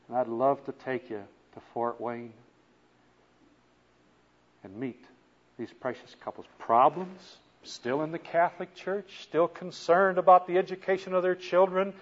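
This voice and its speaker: A man preaching a sermon as a story, animated, moving from soft to loud. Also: fairly high pitch, dull audio.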